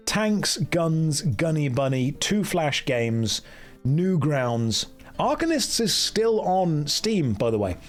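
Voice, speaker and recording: Man streaming, casual, joking, dry humor, slightly raised pitch, faint music underneath. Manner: joking, dry, self-mocking. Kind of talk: casual live-stream chat.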